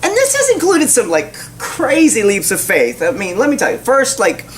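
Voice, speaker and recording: Lively woman preaching a sermon. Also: a little high, normal speed, slight background noise, poor audio. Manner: folksy, animated storytelling with rhetorical questions. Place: church.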